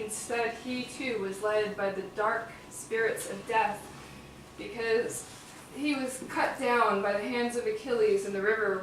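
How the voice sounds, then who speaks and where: This performer-translator, a woman with a Chicago accent and a medium-pitched voice, recites an ancient epic live and breaks off for laughing, casual asides between lines. The mic is distant, there's a little hiss or hum, and the echoey hall is captured from afar.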